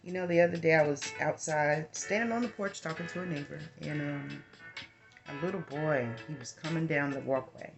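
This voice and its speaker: A woman's voice: sits low, moderate pace. A woman giving a casual spiritual message as a healer and advisor, chatty and meandering with lots of asides. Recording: guitar music playing clearly behind. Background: guitar music.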